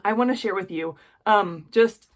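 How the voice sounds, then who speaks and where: A woman hosting a jewelry-making tutorial, chatting warmly to viewers and ending with a heartfelt prayer. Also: mid-range voice, moderate pace. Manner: gushing, chatty, addresses viewers directly. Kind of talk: casual tutorial with closing prayer.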